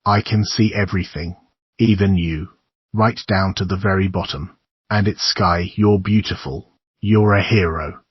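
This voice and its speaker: A man's voice: low-pitched, steady tone, a little slow, husky, no echo, muffled recording. A man voicing a dazed young man who talks dreamily, as if from far away. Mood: dreamy. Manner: dreamy, faraway.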